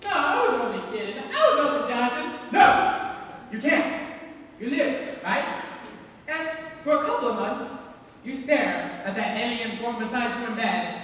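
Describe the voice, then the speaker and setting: A man's voice: very high voice, big pitch swings, moderate pace, fairly bright tone, exaggerated voice. A young man playing a lonely, wistful middle-aged theatre fan who confides in the audience on a school stage. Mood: confiding. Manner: confiding, chatty asides to the audience. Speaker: stage actor. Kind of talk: school stage musical performance. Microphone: distant room mic. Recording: echoey hall from far off.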